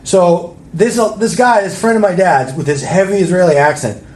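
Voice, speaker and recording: A man's voice: high voice, lively intonation, moderate pace, darkish tone, roomy sound. A man telling a story in casual podcast chat, rambling and swearing freely. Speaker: podcast co-host.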